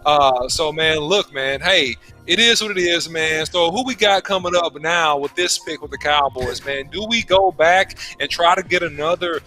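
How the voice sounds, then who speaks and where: A man's voice: on the high side, normal speed, few pauses, bright, forceful tone, soft background music. A man co-hosting a casual sports talk stream who stammers through restarts, repeats himself and explains with homespun analogies. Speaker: co-host and football analyst.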